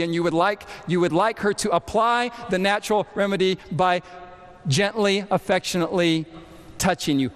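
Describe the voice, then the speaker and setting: A man preaching a sermon to a camp meeting audience, animated and questioning the crowd directly. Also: sits high. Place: large hall with audience. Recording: long hall reverb.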